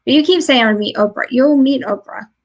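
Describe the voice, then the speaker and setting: A talkative woman hosting a podcast from home over a remote stream. Her voice sits a little high, and she rambles through stories with frequent laughs in a relaxed, casual chat. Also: fast, muffled recording. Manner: chatty storyteller, laughs often. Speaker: podcast host.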